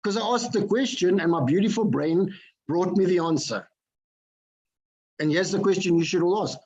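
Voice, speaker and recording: A man giving an energetic motivational talk to an online group. He keeps asking his listeners questions and repeats his phrases for effect. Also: high voice, moderate pace, breathy edge, highs cut off. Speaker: motivational speaker.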